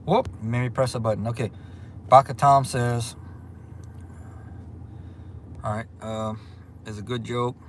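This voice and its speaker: A man's voice: medium pitch, unhurried, long pauses, slight background noise. Chatty Louisiana man on a livestream. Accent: Louisiana Southern. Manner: relaxed, chatty, drawling, shouts out viewers. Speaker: livestream host. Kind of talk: casual livestream chat reading comments.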